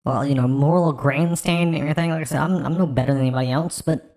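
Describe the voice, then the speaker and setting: A woman's voice: sits low, quick pace, darkish tone. A woman streaming reaction videos, talking in a blunt, earnest, profane way. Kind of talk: casual reaction stream chat.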